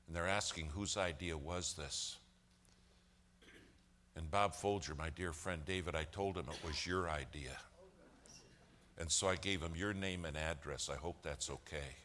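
A deep-voiced man preaching through a story, his tone bright and forceful. He slips into the voices of the people he quotes as he goes. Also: a little slow, pauses often, a little hiss or hum. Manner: animated storyteller, acts out quoted dialogue. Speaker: speaker telling a church story. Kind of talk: sermon storytelling.

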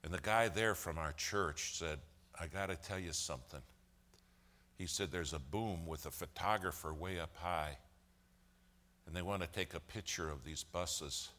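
A deep-voiced man preaching through a story, his tone bright and forceful. He slips into the voices of the people he quotes as he goes. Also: moderate pace. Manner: animated storyteller, acts out quoted dialogue. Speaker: speaker telling a church story. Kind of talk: sermon storytelling.

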